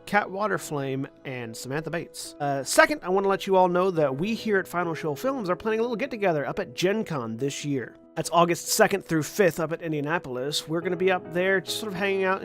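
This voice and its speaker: A man's voice: high voice, a bit bright. A man, the show's executive producer, reading friendly announcements and thanks to supporters before the stream. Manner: friendly, promotional. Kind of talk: scripted announcement.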